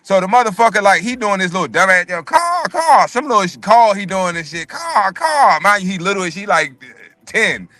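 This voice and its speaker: A man telling a long story in casual chat, animated and profane, often repeating words. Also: high voice, fast, hardly any pauses, dry recording. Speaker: podcast co-host telling a story.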